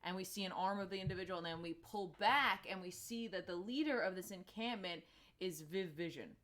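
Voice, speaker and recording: A woman's voice: fairly low pitch, fairly quick, a bit bright. A woman hosting a comic book show, casually recapping a story with lots of fillers and quoted lines. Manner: chatty, many fillers, acts out quotes. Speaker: comic book podcast host.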